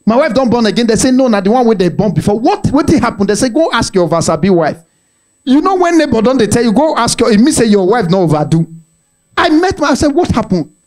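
A Nigerian stand-up comedian with a Nigerian accent tells a family story in a very high, fast voice. He's animated, mixing in Nigerian pidgin and acting out the voices of the people in his tale.

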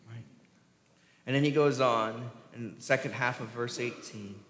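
A man preaches in a church sanctuary at a mid-range pitch, putting questions to the congregation and answering them himself. His voice carries through a roomy hall with a long reverb tail. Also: unhurried, a bit bright. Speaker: pastor. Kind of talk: sermon.

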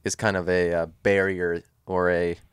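A man's voice: low-pitched, level tone, normal speed, smooth, no room sound, studio quality. A man co-hosting a casual podcast chat, thinking aloud in rambling sentences full of fillers. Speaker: podcast co-host.

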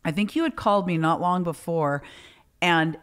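A woman's voice: on the low side, normal speed, smooth. A middle-aged woman hosting a podcast, telling a story in a casual, profane way and acting out the dialogue. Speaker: podcast host.

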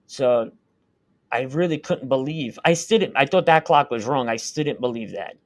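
A man's voice: mid-range voice, normal speed. A man, a guest on a talk show, earnestly recounting a personal experience in casual, vivid detail. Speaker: guest recounting a UFO sighting. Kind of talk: casual first-person storytelling.

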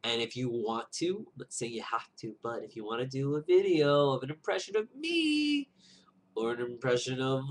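A man's voice: medium pitch, very animated, moderate pace. A man rambling casually to viewers in a vlog, full of fillers and restarts, chatting while he eats lunch. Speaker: vlogger.

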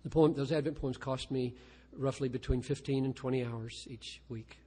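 An older man speaks as a pastor in a lecture, candid and self-deprecating, stumbling over restarts as he explains his craft. His voice is a little husky, and a long hall reverb trails behind each phrase. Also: mid-range voice, steady tone, moderate pace, dark tone. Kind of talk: lecture talk with poetry reading.

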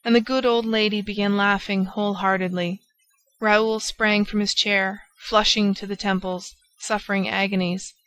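A woman narrates a classic novel for an audiobook. Her voice sits at a middling pitch, and her storytelling stays steady and even. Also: moderate pace, smooth, low-quality recording. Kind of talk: scripted narration.

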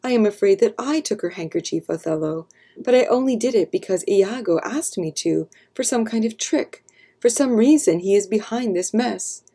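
A woman's voice: medium pitch, lively intonation, normal speed, warm tone, breathy edge, pitched above the performer's own voice. A woman voicing an earnest, outspoken young maid in a children's storybook reading, speaking with emphasis. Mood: upset. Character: loyal young adult maid and wife, outspoken.

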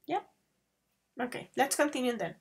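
A woman English teacher giving an online grammar class, switching between English and Spanish, calling her students affectionate pet names and reading example sentences slowly. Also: sits high, expressive, slightly rough. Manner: slow, drawn-out model sentences.

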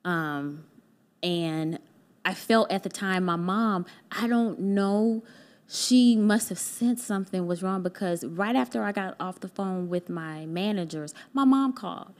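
A woman's voice: medium pitch, measured pace. A woman guest on a podcast telling a heartfelt personal story in casual conversation. She acts out what other people said to her.

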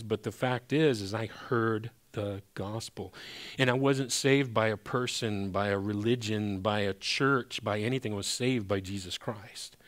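A pastor delivers a sermon in a medium-pitched voice, speaking conversationally and with emphasis. He frequently restarts his sentences.

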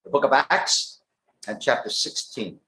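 A man preaching a gospel sermon in a tent meeting, reading scripture aloud with emphatic, lively delivery. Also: mid-range voice, measured pace, low-quality recording.

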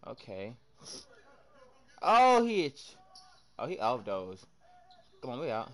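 A young man streaming live, excitably commenting on his game, shouting at teammates and chatting with viewers in heavy slang. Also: medium pitch, slow pace, long pauses. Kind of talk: live gameplay commentary and chat reading.

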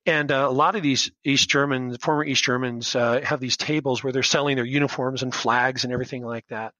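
A man's voice: medium pitch, fairly even intonation, a little fast, bright, forceful tone, dry recording, rough recording. A man in his fifties from the United States, a teacher, telling his story as a podcast guest in an earnest, emotional way with many restarts. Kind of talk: casual storytelling interview.

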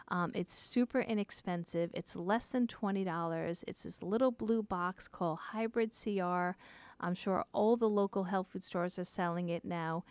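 A woman hosting a radio health talk show, talking briskly and enthusiastically with frequent ums. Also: medium pitch, darkish tone, smooth, no room sound.

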